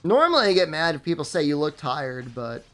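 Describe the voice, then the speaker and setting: A man's voice: on the high side, sing-song, fairly quick, fairly bright tone. A tired, sleepy man chatting loosely as he streams a game, rambling with lots of filler words. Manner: rambling, loose, full of "like" and "I mean". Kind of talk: casual stream chat while gaming.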